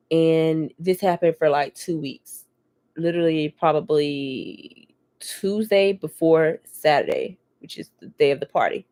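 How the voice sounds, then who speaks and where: Woman, vlogger, low-ish voice, casual chat to camera, frank and profane. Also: moderate pace. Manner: candid, profane, lively storyteller.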